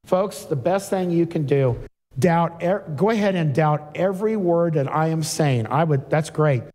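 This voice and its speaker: A man's voice: fairly high pitch, unhurried, darkish tone. A man preaching a sermon in a conversational way, reading scripture aloud and breaking in with asides. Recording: long hall reverb.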